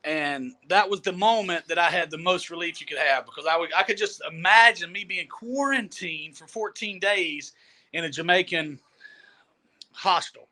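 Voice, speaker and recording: High, bright-voiced man telling a story. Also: normal speed. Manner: animated, laughing, repeats words. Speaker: storyteller guest. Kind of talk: casual storytelling. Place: Jamaica.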